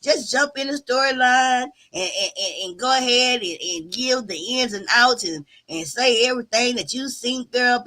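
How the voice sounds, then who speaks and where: Sassy, bright-voiced woman commentator. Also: fairly high pitch, normal speed, hardly any pauses. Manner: sassy, drawling, repeats words and trails off. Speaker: YouTube commentary host. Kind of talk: casual live-stream commentary.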